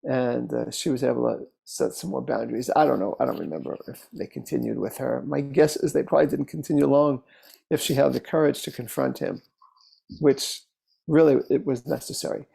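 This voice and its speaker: A male therapist talks through cases in a relaxed, unhurried way. His voice is mellow and dark with a gravelly texture and sits at a mid pitch. He speaks casually, pausing on fillers and restarting sentences. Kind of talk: casual teaching talk with case stories.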